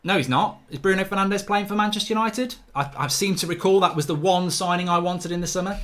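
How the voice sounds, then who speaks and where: Ranting football fan, higher voice. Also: male voice, fast, a bit bright. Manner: exasperated, swears often, sarcastic ranting. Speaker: football fan livestream host. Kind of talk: live match reaction reading chat.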